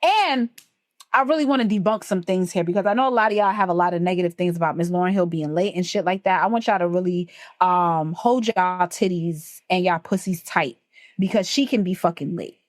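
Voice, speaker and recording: A woman's voice: on the low side, a little fast, no echo, studio quality. A woman talking emphatically and emotionally as a podcast co-host, full of profanity. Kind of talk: casual chat.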